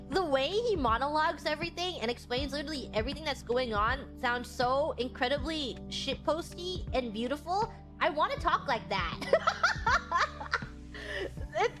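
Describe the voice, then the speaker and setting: High-voiced giggly woman streamer. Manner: giggly, rambling, animated. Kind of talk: casual chat.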